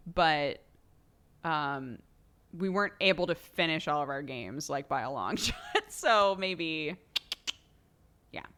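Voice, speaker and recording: A woman's voice: fairly low pitch, a bit bright, smooth. A young woman hosting a livestream in casual chat. She says "like" constantly and breaks into laughter often. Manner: chatty, laughs often, heavy use of "like". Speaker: livestream host.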